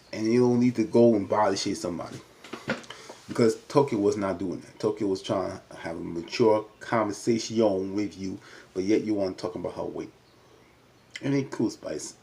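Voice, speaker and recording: A man talking through a reality show episode in casual recap commentary, with a fairly low voice. His tone is mellow and warm rather than bright. He chats loosely with lots of fillers and keeps jumping up in pitch to act out the cast's lines. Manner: chatty, many "you know" fillers, jumps up in pitch to act out quotes.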